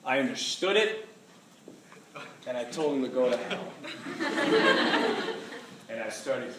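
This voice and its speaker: A man preaching a sermon as pastor, animated and joking as he acts out voices. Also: medium pitch, a little slow, pauses often, background noise. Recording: echoey hall from far off.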